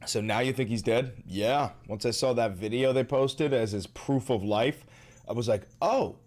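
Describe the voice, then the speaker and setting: A man's voice: mid-range voice, normal speed, a little mellow. A man hosting a casual livestream, reacting to news in a profane, sarcastic ranting manner. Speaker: live streamer and political commentator.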